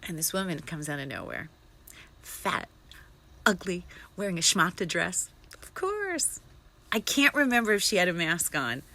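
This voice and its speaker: Sharp-voiced woman telling a rambling story. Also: on the low side, normal speed. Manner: excitable, rambling, swears freely. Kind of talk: casual storytelling to viewers.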